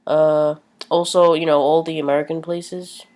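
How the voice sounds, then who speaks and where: A woman giving a casual vlog lesson, chatty and full of ums, slowing down to repeat each new word. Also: sits low, flat delivery, a little mellow. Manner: chatty, many ums, slows down to spell out words. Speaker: language teacher.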